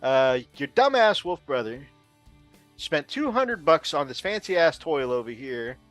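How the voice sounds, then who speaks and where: A man's voice: fairly high pitch, very animated, measured pace, a bit bright, faint music behind. A man hosting a casual hobby podcast, easygoing and self-deprecating, swearing casually. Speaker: podcast host.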